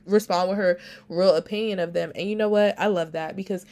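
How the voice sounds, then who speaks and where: A woman's voice: lowish voice, fairly quick. A woman hosting a casual pop-culture commentary show, talking in a chatty, gossipy way full of "like" and "you know" and laughing at her own asides. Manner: laughs often, animated asides. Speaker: podcast host.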